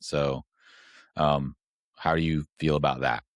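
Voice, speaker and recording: A man's voice: a bass voice, steady tone, a little slow, no room sound, clean studio sound. A man hosting a podcast, explaining things at length in a rambling, casual way. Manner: rambling, explains step by step with fillers. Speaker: podcast host.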